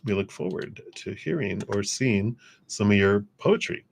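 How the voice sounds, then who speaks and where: A man with a fairly low voice hosts a livestream tarot reading. He talks in an easy, chatty way and laughs often. His tone stays upbeat as he offers gentle spiritual encouragement. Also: expressive, measured pace, vocal fry, a little hiss or hum. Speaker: tarot reader.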